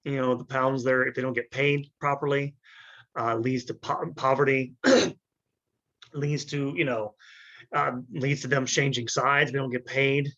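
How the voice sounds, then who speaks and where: Male lecturer, mid-pitched, halting delivery with restarts, throat clearing, dull lo-fi sound. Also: little pitch movement, sharp tone. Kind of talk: unscripted history lecture.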